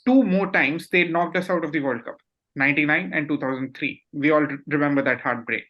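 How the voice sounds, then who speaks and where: A man's voice: on the high side, fairly quick, highs cut off. A man on a cricket podcast making his case methodically, laying out facts and figures in order. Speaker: podcast co-host. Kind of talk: casual podcast chat.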